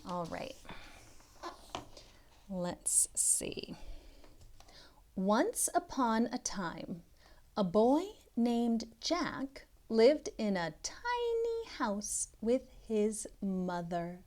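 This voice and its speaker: Lady tutor reading a kids' book out loud, super slow, really animated, sometimes whispers. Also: fairly high pitch. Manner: slow, expressive, with soft whispered asides. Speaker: literacy tutor. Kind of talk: children's storybook read-aloud.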